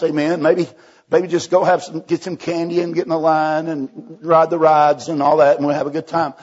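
A man's voice: on the high side, a little mellow, breathy edge, muffled recording. A man preaching a folksy sermon, telling a story and acting out the dialogue with many restarts. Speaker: evangelist preacher.

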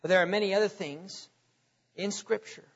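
A man's voice: high voice, fairly even intonation, moderate pace, fairly bright tone. A man preaching a sermon in a church, emphatic and repetitive, firing off rhetorical questions to the congregation. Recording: echoey hall, dull lo-fi sound.

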